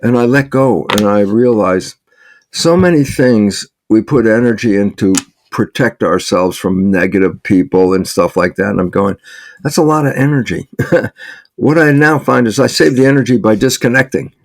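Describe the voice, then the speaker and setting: Gravelly man, dry close sound. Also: fairly low pitch, normal speed, no echo. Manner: acts out quoted exchanges, chuckles often. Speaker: interview guest, author. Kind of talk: conversational interview answer.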